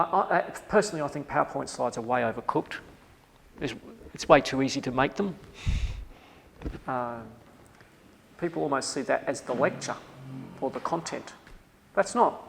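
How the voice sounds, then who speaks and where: A man's voice: fairly high pitch, vocal fry, in a large hall, slight background noise, low-quality recording. A man with an Australian accent giving a workshop lecture to staff, emphatic and repeating his key advice.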